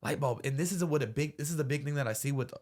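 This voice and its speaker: A man's voice: on the high side, racing, a little mellow. A young man hosting a podcast, telling a personal story earnestly, full of slang like bro and man. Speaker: podcast host.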